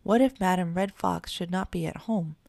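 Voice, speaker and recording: Woman reading earnest little boy kitten, gravelly edge, storybook. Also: on the low side, normal speed, a little mellow, no room sound. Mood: eager. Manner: eager and earnest.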